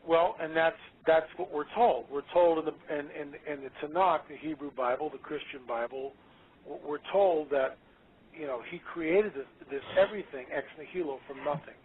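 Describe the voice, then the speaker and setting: A man speaking as a guest on a radio interview, emphatic and excitable, often repeating his words. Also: on the high side, moderate pace. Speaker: guest author. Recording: tinny phone line.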